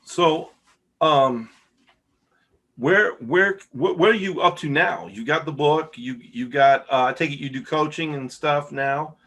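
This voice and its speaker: With a fairly high, slightly bright voice, a middle-aged man hosts a podcast in an unhurried, casual interview. His enthusiasm shows in the "wows" he keeps repeating.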